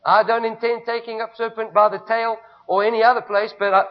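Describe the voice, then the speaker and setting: High-voiced South African preacher. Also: male voice, level tone, fairly quick. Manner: emphatic, repetitive preaching with call-and-response. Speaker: pastor. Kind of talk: sermon. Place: church. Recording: dull lo-fi recording.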